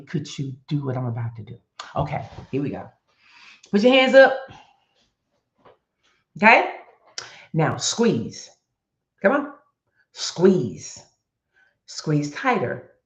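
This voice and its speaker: A woman hosting a faith-based wellness stream, talking straight to her viewers and coaching them through an exercise in a lively, animated way. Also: low voice, reverberant, muffled recording. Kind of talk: live-stream coaching talk.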